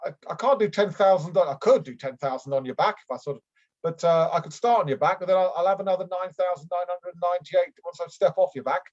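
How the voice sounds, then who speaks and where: Talking fast in a high-pitched, slightly mellow voice, an improv performer lightly acts out a bumbling, unfit middle-aged aristocrat. The improvised comedy bit is rambling and hesitant, packed with ums as he keeps starting sentences over. It's heard via dull, lo-fi video call audio.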